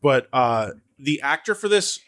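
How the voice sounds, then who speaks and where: Bright-voiced man, animated podcast co-host. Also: medium pitch, measured pace. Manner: animated, laughs often, swears. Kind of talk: casual chat.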